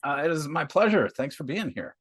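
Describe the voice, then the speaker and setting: A man's voice: a little high, big pitch swings, fairly quick, slightly rough, no echo, studio quality. A man hosting a leadership podcast, introducing his guest and asking easygoing questions. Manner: easygoing, interjects with short encouragements. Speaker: podcast host. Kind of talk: podcast interview.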